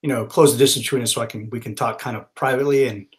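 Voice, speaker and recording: A man talks through his turn in a tabletop game in an easy, rambling way. His voice is mid-pitched and ordinary, and he often restarts his sentences. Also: steady tone, rapid-fire. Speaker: player.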